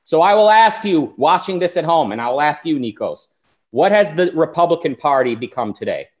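A man's voice: fairly high pitch, animated, fairly quick. A man hosting a talk show, delivering an argumentative political monologue and acting out the people he quotes. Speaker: show host.

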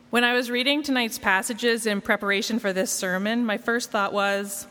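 A woman's voice: on the high side, steady tone, normal speed, hardly any pauses, pushed and bright, big-room sound. A woman preaching a sermon in a conversational, wry, self-deprecating way. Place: church.

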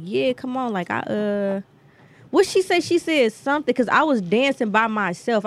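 Blunt, profane woman. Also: mid-range voice. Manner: blunt, profane storytelling with lively quoted voices. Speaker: podcast co-host. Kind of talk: casual storytelling chat.

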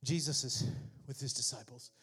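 A male pastor preaching a sermon, joking with the congregation and then building to shouted exhortations. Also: mid-range voice, steady tone, moderate pace, slightly rough. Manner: swings from conversational asides to shouted preaching; jokey, laughs at own remarks.

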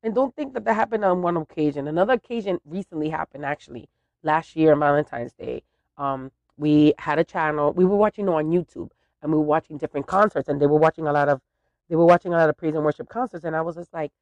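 A woman hosting a podcast who tells a family story in a chatty, animated way. Her voice has a gravelly fry to it. The sound is dry and close. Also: low-pitched, fast talker, dry recording, muffled recording. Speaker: podcast host. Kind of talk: casual storytelling.

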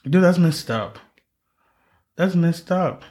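A man's voice: fairly high pitch, lively intonation, slow, darkish tone. A young man hosting a podcast, talking candidly in casual chat and rambling with many fillers. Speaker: podcast host.

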